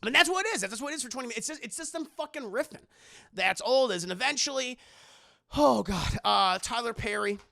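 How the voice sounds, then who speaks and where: A man's voice: extremely high pitch, fast, creaky, dry recording, clean studio sound. A man streaming a casual, profane film recap, talking to his chat with lots of energy. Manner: animated, profane, talks to chat.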